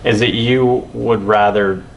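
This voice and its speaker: A man hosting a podcast, telling stories in a rambling, animated way with many restarts. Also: lowish voice, takes it slowly, vocal fry, dull audio. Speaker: podcast host. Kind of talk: casual conversation. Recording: distant mic with faint background noise.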